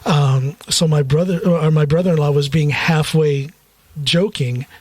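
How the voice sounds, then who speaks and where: A man's voice: fairly high pitch, fairly even intonation, a little slow, darkish tone, no echo. An American man hosting a podcast, telling stories in casual conversation and laughing often. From United States. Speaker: podcast host.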